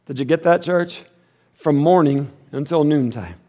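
A middle-aged male pastor preaching a sermon, joking and animated, then dropping to a hushed, earnest tone. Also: fairly high pitch, measured pace, muffled recording.

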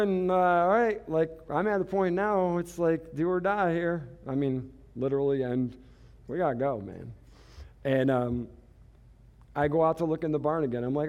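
A man giving a storytelling sermon as a pastor, chatty and self-mocking, laughing at himself. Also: fairly high pitch.

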